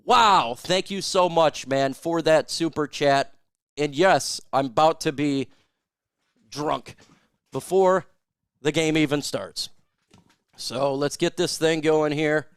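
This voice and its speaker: A man's voice: fairly high pitch, slow pace, long pauses, smooth, no room sound, clean studio sound. Hyped-up man hosting a sports live stream. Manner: loud, hype-driven, shouting whoops at super chats. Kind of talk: casual live-stream chat with viewers.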